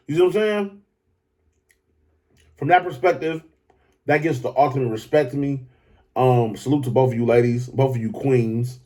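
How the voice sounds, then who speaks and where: A man hosting a podcast, talking in a loose, profane, animated commentary style that keeps jumping up into excited high pitches. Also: normal speed, pauses often. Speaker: podcast host. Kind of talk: casual commentary monologue.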